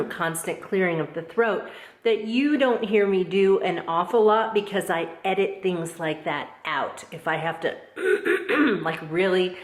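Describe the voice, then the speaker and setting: Chatty woman vlogger, roomy sound. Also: fairly low pitch. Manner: rambling, chatty, many fillers and restarts. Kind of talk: casual chat to camera.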